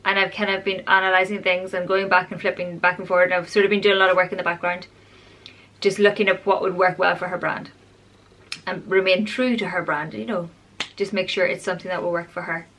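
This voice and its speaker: A woman's voice: on the low side, flat delivery, a little fast, fairly bright tone, slight background noise. A woman talking openly in a personal vlog, rambling and confessional in a chatty way. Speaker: vlogger.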